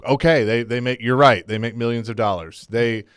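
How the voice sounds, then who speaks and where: Sports talk radio guy, smooth voice, dry close mic, opinionated, reads texts on air. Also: mid-range voice, steady tone, no echo. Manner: opinionated, halting restarts, reads listener texts aloud. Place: radio studio. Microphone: studio mic.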